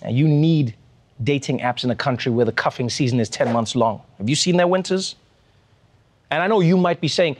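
Sarcastic high-voiced male comedy host. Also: expressive, brisk. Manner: sarcastic, exasperated asides. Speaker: late-night comedy host. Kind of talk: scripted comedy monologue.

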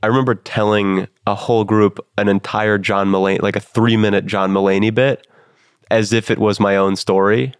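A man's voice: on the low side, level tone, moderate pace, smooth, no room sound, studio quality. A young man in his twenties, a comedian and guest, talking casually in a rambling, self-deprecating way with many fillers. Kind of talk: casual interview talk.

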